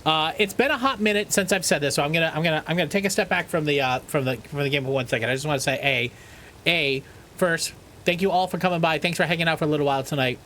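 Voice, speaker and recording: A man with a fairly high voice talks quickly over slight background noise while streaming a game live. He's animated and profane, joking and swearing with his chat and reading trivia questions aloud between stretches of play.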